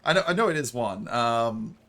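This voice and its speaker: A man's voice: medium pitch, animated, normal speed, bright, forceful tone. A man chatting casually on a live stream, laughing often and swearing casually, into a desk microphone.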